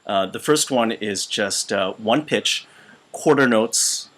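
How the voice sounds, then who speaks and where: A man teaching voice, speaking with a weakened, out-of-shape voice in a halting way full of fillers and restarts. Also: on the low side, fairly bright tone. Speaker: voice teacher and choir conductor. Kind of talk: casual instructional video. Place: small retreat room.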